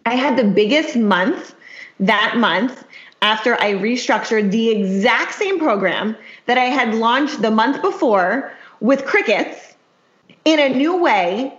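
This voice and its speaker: A woman's voice: fairly high pitch, a bit bright, echoey room, dull audio. A woman chatting as an interview guest about her business, bubbly and full of "like". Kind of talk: casual interview chat. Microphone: video call.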